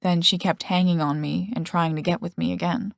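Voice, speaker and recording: A woman's voice: fairly low pitch, fairly even intonation, brisk, gravelly, no echo, studio quality. A woman voicing an earnest, slightly hesitant young man in an audiobook.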